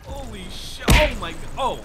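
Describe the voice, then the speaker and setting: A man chatting and shouting while playing an online shooter, excitable and swearing a lot. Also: extremely high pitch, moderate pace, crowd noise. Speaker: gamer. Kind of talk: casual gaming chat.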